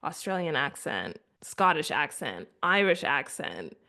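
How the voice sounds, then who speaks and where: A woman's voice: sits low, unhurried, vocal fry. A woman in casual podcast conversation, a chatty storyteller who acts out what others said. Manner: chatty storyteller, quotes people in animated asides. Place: rural France.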